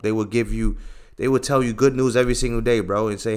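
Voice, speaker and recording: A man's voice: on the low side, level tone, moderate pace, smooth. A man hosting a casual livestream, answering chat bluntly, often tagging "okay" and "bro" and pushing his points emphatically. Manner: lectures emphatically, gets louder when making a point.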